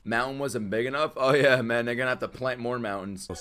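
A man streaming excited reactions to an anime, loud and exclamatory, swearing and breaking into laughter. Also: mid-range voice, brisk. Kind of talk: excited live reaction commentary.

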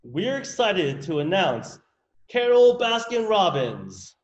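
A man's voice: high voice, big pitch swings, takes it slowly, highs cut off, exaggerated voice. A man in a sketch comedy parody, playing the meek, goofy husband of a sanctuary owner.

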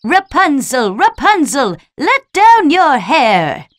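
A woman doing a slow, menacing old witch. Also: on the high side, sing-song, dry recording, studio quality, exaggerated voice. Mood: calling out. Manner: slow, drawn-out, sing-song menace. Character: menacing old female witch, powerful and possessive. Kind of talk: animated storybook voice acting.

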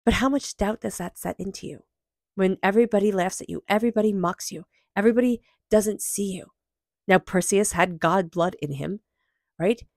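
A woman's voice: mid-range voice, moderate pace, a little mellow, no echo, clean studio sound. A woman giving an intuitive tarot reading, earnest and emphatic, with soothing repeated affirmations. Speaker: tarot reader.

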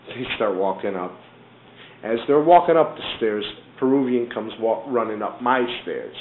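A man telling a profane, animated story about a neighbor's arrest, acting out the other people's lines. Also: mid-range voice, moderate pace. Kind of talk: profane casual anecdote. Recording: tinny phone-like roomy recording, faint hiss.

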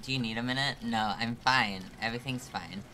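Swearing, bright-voiced male game streamer. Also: medium pitch, fairly even intonation, fairly quick, a little hiss or hum. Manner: frequent swearing, laughing through frustration; talks to chat, thinking aloud. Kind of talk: live gameplay commentary.

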